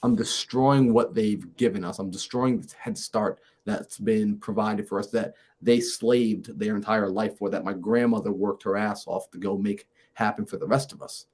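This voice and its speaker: A man, a mindset coach and podcast guest, telling a personal story in a lively way and acting out the conversations in it. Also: on the low side, moderate pace, few pauses, slightly rough. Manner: lively, acts out conversations in his stories.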